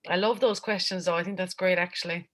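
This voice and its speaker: A woman's voice: lowish voice, fairly even intonation, fast, a bit bright. A woman taking part in a workshop, speaking reflectively and a little hesitantly. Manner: reflective, thoughtful, a bit hesitant. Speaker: workshop participant.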